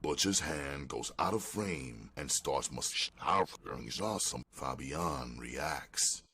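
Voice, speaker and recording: Very deep, slow male screenplay narrator. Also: bright, forceful tone, husky. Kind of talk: scripted narration of stage directions.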